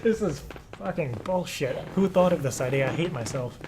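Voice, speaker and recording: A man's voice: fairly high pitch, animated, normal speed. Young male stream host, nervous and profane, laughs a lot; light noise in the room. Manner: nervous, swearing, laughing often. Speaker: live show host. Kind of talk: casual live-stream chat.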